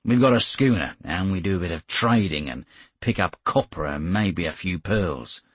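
A haggard Australian sailor of about forty, as a man reads him aloud, spinning his yarn in a broad, easygoing drawl. The voice sits low and husky and moves with a lively lilt, recorded close and dry. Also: normal speed, dry recording. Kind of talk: audiobook reading.

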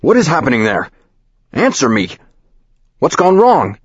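A man voicing a panicked caller yelling demands over a speakerphone. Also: a little high, huge pitch swings, measured pace, slightly rough, no room sound, dull audio, pitched above the performer's own voice, exaggerated voice. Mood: frantic.

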